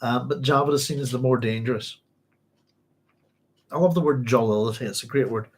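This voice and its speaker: Hosting a book club, a Northern Irish man with a medium-pitched voice reads passages aloud and chats about them. He rambles and halts, with frequent ums, self-corrections and restarts, plus an occasional cough. There's slight background noise.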